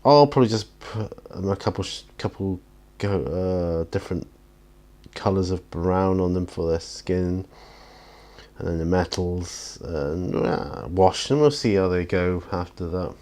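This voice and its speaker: A man's voice: sits low, a little slow, darkish tone. A man chatting casually while painting miniatures in his home studio, rambling and self-deprecating, tired and yawning often. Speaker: hobby painting vlogger.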